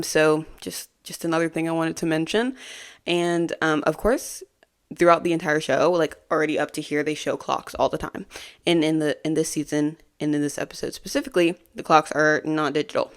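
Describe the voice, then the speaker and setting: A woman hosting a podcast, recapping a TV episode in a casual, chatty way, giggling often and filling her talk with ums and likes. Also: sits low. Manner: chatty and giggly, full of fillers. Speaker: podcast host.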